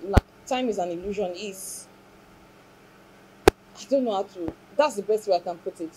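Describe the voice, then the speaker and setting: A woman's voice: mid-range voice, moderate pace, heavy background noise. A woman, speaking as an interview guest and earnestly, reflectively recounting a hard time in her life and her faith. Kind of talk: emotional personal testimony.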